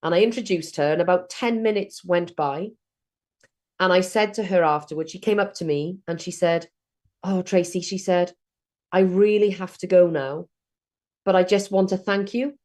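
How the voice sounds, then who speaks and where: Woman, middle-aged, chatty storyteller, slightly low voice. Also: normal speed, darkish tone. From South Wales. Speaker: networking trainer. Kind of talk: online training session.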